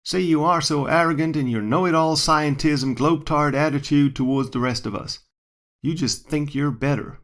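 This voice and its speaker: A man voicing a loud, aggressive flat-earth heckler who speaks in a put-on accent and accuses the listener. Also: on the high side, normal speed, vocal fry, voice pushed up. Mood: accusing.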